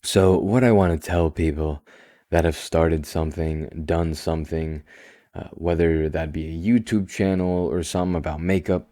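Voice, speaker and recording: A young man with a very deep, low voice hosts his own podcast and rambles through it with easy self-assurance. His delivery is slow, calm and soothing, with quiet asides and emphatic bursts. The sound is dry and close, with no room around it. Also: no room sound. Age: young adult. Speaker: podcast host. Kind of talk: casual solo podcast monologue.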